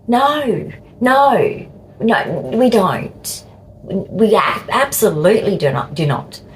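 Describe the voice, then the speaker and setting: An Australian woman in her fifties vlogging in a halting, repetitive way with cheeky asides. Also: mid-range voice, slight background noise, poor audio. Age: 50s. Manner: slow, halting, repeats words, cheeky asides. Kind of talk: casual talk to camera.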